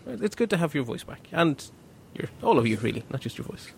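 A man's voice: on the high side, big pitch swings, fairly quick, gravelly, a little hiss or hum. A man hosting a casual panel podcast, chatty and a bit rambling as he introduces guests and explains things. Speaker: podcast host.

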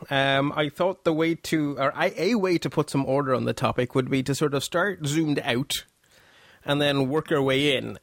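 A man's voice: mid-range voice, dry recording, studio quality. A man hosting a photography podcast in a chatty, self-deprecating way, often restarting his sentences. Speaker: podcast host. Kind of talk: casual podcast chat.

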